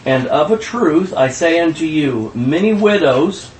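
A man in a Bible study group reading scripture aloud in a steady, formal way. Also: a little high, measured pace, slight background noise. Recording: echoey, distant from the mic.

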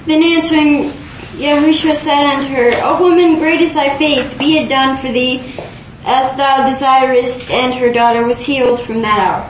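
Female congregant, high voice, reads scripture aloud, echoey room, faint noise. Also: fairly even intonation, moderate pace, hardly any pauses. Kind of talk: reading aloud.

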